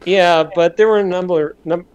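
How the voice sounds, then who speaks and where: A man's voice: high voice, steady tone, normal speed, a little mellow, clear, resonant tone, lo-fi sound. A man co-hosting a podcast, chatting wryly and rambling as he corrects himself. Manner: wry, rambling, self-correcting. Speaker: podcast co-host. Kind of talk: casual chat.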